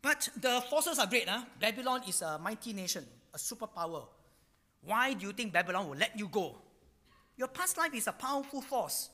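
A man delivers a sermon in a high, bright voice that swoops up and down with emphasis. He drives his points home with rhetorical questions. He caps phrases with little particles like "lah" and "no". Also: big pitch swings, normal speed. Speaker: preacher.

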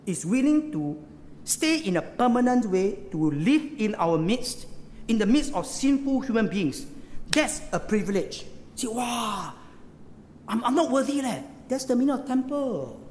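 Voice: mid-range voice, a little mellow, slight background noise. A preacher with a Singaporean accent giving a sermon, teaching through rhetorical questions and local particles. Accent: Singaporean English. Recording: echoey hall with long reverb.

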